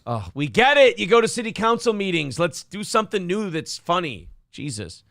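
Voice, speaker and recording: A man's voice: high voice, sing-song, moderate pace, creaky, few pauses, fairly bright tone, dry recording, studio quality. An American man hosting a morning show, ranting and joking sarcastically in casual banter. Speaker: radio show host.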